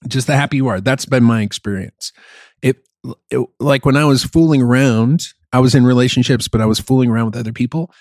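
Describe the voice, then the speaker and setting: A middle-aged man chatting on a podcast, open and blunt, swearing freely and poking fun at himself. His voice sits at an ordinary pitch and sounds close and dry, with no room around it. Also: darkish tone, no room sound. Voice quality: candid, profane, self-mocking. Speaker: musician who plays gigs. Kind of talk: casual podcast chat.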